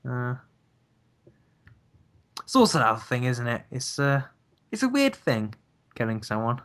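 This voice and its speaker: A man's voice: mid-range voice, huge pitch swings, measured pace, a bit bright. Young guy rambling on a podcast call, kinda hesitant, thinking as he goes. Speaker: podcast co-host. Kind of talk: casual podcast chat. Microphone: computer mic on a voice call.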